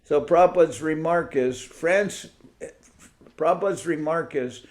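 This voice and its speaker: A man's voice: fairly high pitch, slow, pauses often, darkish tone. A man giving an informal spiritual talk over a video call, musing aloud and stopping to search for words and names. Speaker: spiritual teacher. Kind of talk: informal online talk to devotees.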